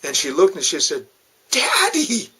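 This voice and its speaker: A man's voice: mid-range voice, animated, normal speed, noisy background. A middle-aged man who hosts a short parenting talk, telling family stories with moral asides in a folksy way. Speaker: radio host.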